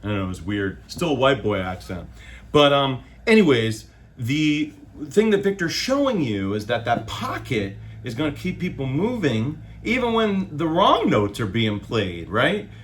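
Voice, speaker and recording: A man, a bass player, giving his opinions in a casual, loose monologue with slang and the odd swear word. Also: big pitch swings, unhurried, a little hiss or hum.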